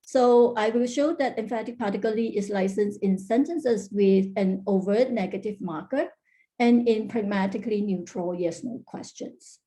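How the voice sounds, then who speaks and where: A woman with a mellow, soft-edged voice presents research at an academic workshop over a video call. She explains step by step, pausing often on fillers and restarting her phrases. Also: mid-range voice. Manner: frequent "uh" fillers and restarts, careful explanatory delivery. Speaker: linguistics researcher presenting a talk.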